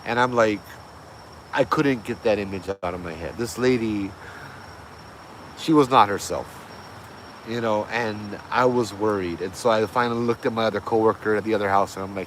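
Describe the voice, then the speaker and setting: A man's voice: on the low side, moderate pace, a little hiss or hum, poor audio. Guy, middle-aged, rambling through a spooky story, faint crickets in the background. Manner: easygoing, rambling with fillers and self-corrections. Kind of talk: casual ghost-story telling.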